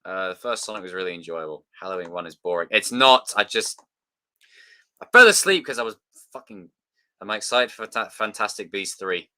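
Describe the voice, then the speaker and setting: A man's voice: on the low side, lively intonation, brisk, sharp tone. A man hosting a live stream, chatting casually, reading viewer comments and swearing as he banters. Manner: banters and swears, quotes films mockingly. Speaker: livestream host.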